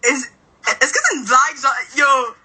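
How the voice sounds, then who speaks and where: Young Montreal woman, Québécois accent, starstruck fan on a phone video call; very bright tone. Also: high voice, moderate pace, rough recording. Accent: Québécois French. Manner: starstruck, frantic, switches between English and French. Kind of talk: excited live chat.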